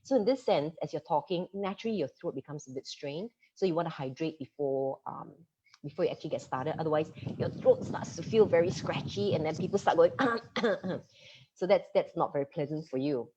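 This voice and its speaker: A woman media coach from Singapore giving an online masterclass, talking fast and lively and laughing easily. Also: deep voice, slight background noise. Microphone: computer mic on a video call. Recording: dull lo-fi video-call audio.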